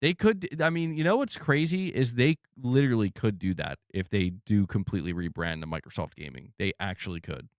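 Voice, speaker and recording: A man's voice: on the low side, animated, brisk, hardly any pauses, dry recording, studio quality. A man streaming live, commenting on gaming news in a casual, slang-heavy, profane way. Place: home room.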